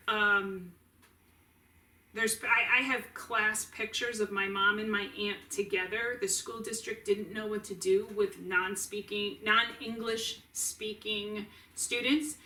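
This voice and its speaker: A woman's voice: mid-range voice, steady tone, measured pace, pushed and bright, recorded from a distance. A middle-aged woman talking casually and earnestly to camera as a family caregiver, with restarts and asides. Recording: roomy echo, voice set back from the mic.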